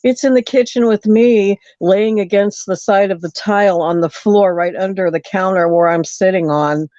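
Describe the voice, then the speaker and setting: A woman caller telling a story on a late-night call-in show, animated and acting out the quotes. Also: mid-range voice, moderate pace, no echo, lo-fi sound.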